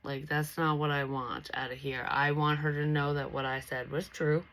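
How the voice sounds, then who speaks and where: A woman's voice: low-pitched, level tone, moderate pace, a bit bright, slight background noise, rough recording. A young woman vlogger telling a personal story in a blunt, casual way, swearing freely and restarting her sentences. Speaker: psychic medium vlogger.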